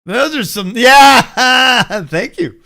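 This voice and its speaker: Speaking slowly in a fairly high, animated voice that is sharp and clean, this host is an American man in his forties. His entertainment news chat is casual and rambling, full of swearing and frequent laughter.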